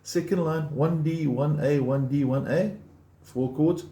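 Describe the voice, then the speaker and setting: A man with a fairly high voice teaches guitar at an unhurried pace, with a little hiss or hum on the track. He explains picking step by step, counts beats aloud, and stays patient and encouraging, against loud guitar in a roomy sound.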